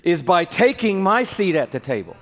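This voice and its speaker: A man's voice: sits high, sing-song, normal speed, a bit bright. A man preaching a sermon in an earnest, conversational way, with a long hall reverb behind him.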